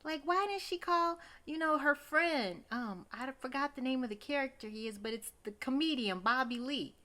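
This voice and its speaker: A woman's voice: high voice, expressive, moderate pace, sharp tone. A woman recapping a TV episode in a chatty, gossipy way, exclaiming often and talking straight to her viewers. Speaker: TV recap host.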